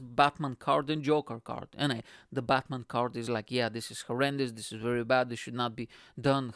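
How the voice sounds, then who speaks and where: Young dude rambling on his comedy podcast, cussing constantly, middle pitch, dead dry room. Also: dry recording. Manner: profane, rambling, animated storytelling with quoted voices. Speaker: podcast host. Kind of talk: casual comedy podcast monologue.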